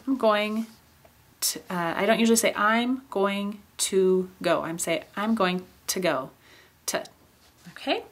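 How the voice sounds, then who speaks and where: A woman giving a recorded pronunciation lecture in a voice of middle pitch. She explains patiently, pausing on each example word and saying it slowly, then repeating it. Fillers such as "okay" and "um" mark her moves from point to point. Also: fairly bright tone. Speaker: teacher.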